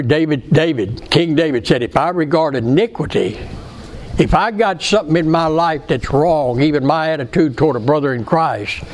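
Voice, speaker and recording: A man's voice: on the high side, darkish tone. A man preaching a sermon in a folksy, earnest way, asking his congregation questions. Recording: faint background noise.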